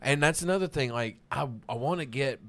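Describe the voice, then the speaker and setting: Swearing freely and leaning on fillers, a guest vocalist from a band, an American man in his thirties, rambles casually through a podcast conversation. He talks fairly quickly in a medium-pitched voice.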